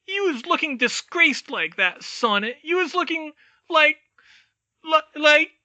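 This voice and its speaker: A man reading an audiobook and voicing a drunk, tearful little female house-elf with a squeaky, slurring voice. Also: lively intonation, a little slow, pushed and bright, exaggerated voice. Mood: sobbing scolding.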